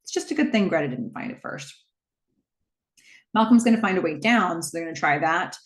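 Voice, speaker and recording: Woman, casual movie recap, chatty, breezy asides, lowish voice. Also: lively intonation, a little fast, roomy sound. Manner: chatty, breezy retelling with asides and little acted quotes.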